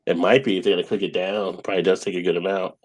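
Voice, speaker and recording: A low-pitched man hosts a casual live stream chat. He reads viewer comments aloud and laughs easily with his guests. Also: steady tone, very fast, husky.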